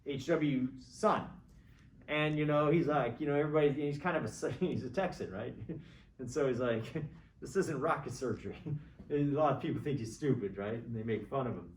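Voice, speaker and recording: A man's voice: on the high side, a little mellow. A middle-aged man giving an informal, opinionated college government lecture, rambling and often checking in with his students. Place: classroom. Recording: echoey classroom, mic far from speaker.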